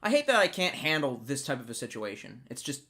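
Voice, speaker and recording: A man hosts a casual livestream in a fast, sing-song, sharp-toned voice of medium pitch. He reads viewer comments and rambles, swearing a lot and cutting himself off to restart.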